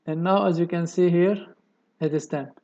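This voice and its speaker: Explaining a technical drawing in a screen-recorded engineering tutorial, this man moves slowly through each step and keeps saying "okay." His voice is a little high, steady and darkish. The highs in the recording are cut off.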